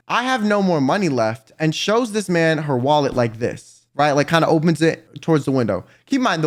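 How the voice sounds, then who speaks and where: A young man telling a dramatic storytime vlog in an animated, profane and exaggerated manner. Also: sits high. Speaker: YouTuber.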